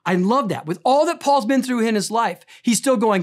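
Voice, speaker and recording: Earnest middle-aged pastor preaching. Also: male voice, very high voice, animated, moderate pace, hardly any pauses. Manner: earnest, emphatic storytelling that swings between raised intensity and quiet tenderness. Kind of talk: sermon.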